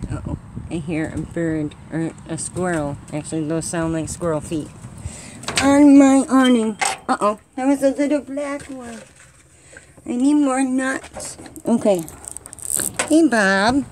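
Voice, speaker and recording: A woman's voice: a little high, a little slow, background noise. A woman chatting casually outdoors on her vlog, coaxing squirrels and airing her frustrations. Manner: chatty, talks to animals, frustrated. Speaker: vlogger.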